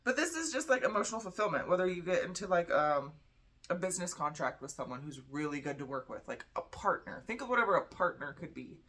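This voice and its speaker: A woman's voice: lowish voice, big pitch swings, fast talker, a bit bright. A tired young woman giving a casual tarot reading, chatty and blunt, swearing freely. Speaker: tarot reader.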